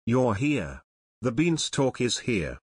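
A man's voice: mid-range voice, sing-song, slow pace, husky, no echo, studio quality, full character voice. A man reading Betty, an eager young girl. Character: young girl adventurer, curious and hopeful.

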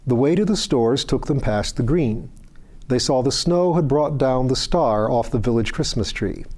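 A man hosting a book reading, narrating fiction in a steady, even storytelling voice. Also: mid-range voice, moderate pace. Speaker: reader.

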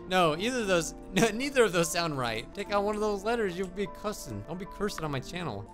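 A man's voice: high voice, very animated, a little fast, few pauses, fairly bright tone. A man giving playful, joking commentary while playing a video game. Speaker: gaming video host. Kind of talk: let's play commentary. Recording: game music behind.

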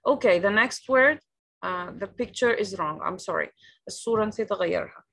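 Over a video call, a woman with an Egyptian accent teaches an online English lesson, speaking quickly in a mid-range, gravelly, fairly bright voice. She repeats every new word several times and explains it in Arabic.

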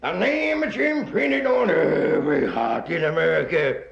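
Overblown senator orator played by a man: gravelly, slow, sweeping pitch. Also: expressive, exaggerated voice. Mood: bombastic. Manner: oratorical, swelling to shouts. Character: bombastic male senator giving a grand introduction. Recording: roomy dull old recording.

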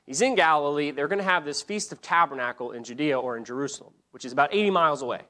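A man teaching a church Bible lesson, telling the story in an animated way, acting out the quotes, often restarting his sentences. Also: on the high side, quick pace.

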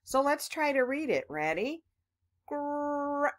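Patient woman phonics teacher, bright and slow, coaxing children through each sound. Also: on the low side, animated.

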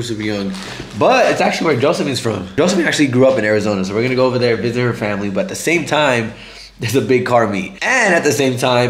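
A man with a hoarse, failing voice, talking to viewers in a laid-back, slangy car vlog, saying bro and guys a lot. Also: mid-range voice, reverberant, a little hiss or hum. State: hoarse, losing his voice. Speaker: car vlogger. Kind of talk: casual vlog chat.

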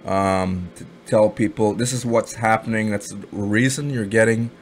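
A man talking casually as an online reviewer, rambling and slangy in animated commentary. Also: lowish voice, moderate pace. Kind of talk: casual commentary over a screen.

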